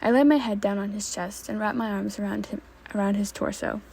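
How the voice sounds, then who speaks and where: Woman reader, casual fanfiction narration, mellow, gravelly. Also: medium pitch, steady tone, brisk, a little hiss or hum. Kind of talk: reading fanfiction aloud.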